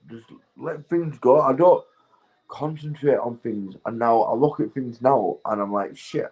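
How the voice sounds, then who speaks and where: A Northern English man in his forties, high and rambling as he chats to his stream viewers, swearing and laughing at himself. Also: a little mellow, poor audio. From England. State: intoxicated. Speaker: livestreamer. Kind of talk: rambling casual chat to viewers.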